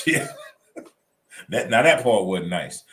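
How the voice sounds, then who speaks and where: Guy chatting about his weekend, lively and loose. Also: on the low side, takes it slowly. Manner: animated storytelling, Southern colloquial. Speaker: co-host. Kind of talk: casual chat.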